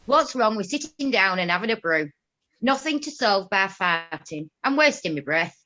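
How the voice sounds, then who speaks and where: A woman's voice: medium pitch, expressive, moderate pace, pushed and bright, highs cut off. A woman reading wry, rhyming lines in an amateur comic play over a video call. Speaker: amateur actor and narrator. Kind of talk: comic Zoom play performance.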